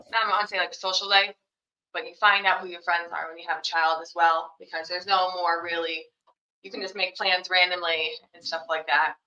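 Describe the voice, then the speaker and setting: Young woman, lower side of pitch, rambling casual guest, dull echoey sound. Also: sharp tone. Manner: rambling, heavy on fillers like "you know" and "like". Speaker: podcast guest, young mother. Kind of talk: casual interview answers.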